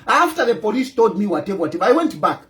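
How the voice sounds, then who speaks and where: A man's voice: high voice, very animated, fast talker, a bit bright. A man with a Zambian accent giving an emphatic broadcast monologue as a political commentator, with repeated rhetorical questions. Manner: emphatic and repetitive, rhetorical questions, switching into local phrases.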